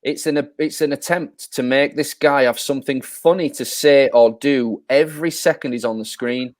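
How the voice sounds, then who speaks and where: A man's voice: mid-range voice, moderate pace, no room sound. A man, a podcast co-host in casual chat, blunt and ranting, swearing freely.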